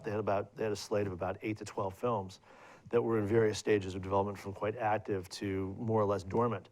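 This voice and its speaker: A man's voice: fairly low pitch, steady tone, fairly quick. A middle-aged man telling digressive career stories as a guest at a live student event, with many fillers and restarts. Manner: rambling, digressive anecdotal storytelling with many restarts. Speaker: guest filmmaker. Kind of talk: on-stage career conversation.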